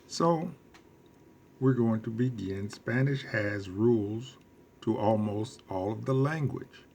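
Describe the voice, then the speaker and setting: A man teaching a recorded lesson, speaking slowly, quizzing his class and repeating key phrases for emphasis. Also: lowish voice, darkish tone, a little hiss or hum. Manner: slow and deliberate, quizzing the class. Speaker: Spanish teacher.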